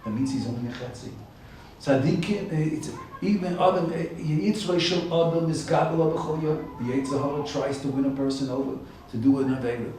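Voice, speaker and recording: A man's voice: on the high side, fairly quick, mellow, a little hiss or hum. A man giving a Torah lecture at a yeshiva, explaining each Hebrew term in English, repeating his phrases and building to emphatic points. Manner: rises to emphatic peaks on key points. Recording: very echoey room, distant mic.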